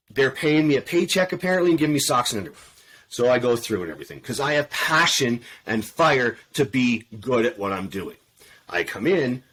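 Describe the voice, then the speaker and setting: A man's voice: mid-range voice, a little hiss or hum. A man, a podcast panel guest, telling an army story bluntly and profanely, swearing constantly and acting out the dialogue. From Canada. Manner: animated, acts out quoted dialogue. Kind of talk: casual storytelling in a round table.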